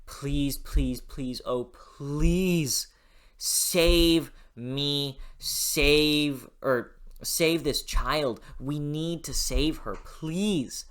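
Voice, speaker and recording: A desperate young woman begging over and over, as a book reviewer acts her out, pleading and urgent. It is a plain everyday voice with a bright edge, and a little distant at times. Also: mid-range voice, very slow.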